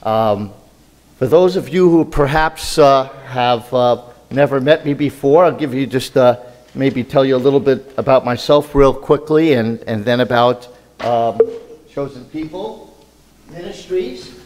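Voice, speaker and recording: A man's voice: mid-range voice, unhurried, a little mellow. An older man with a New York accent, talking casually to a church as a guest minister, with many fillers. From Brooklyn, New York. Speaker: guest speaker, Messianic minister. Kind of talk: church talk.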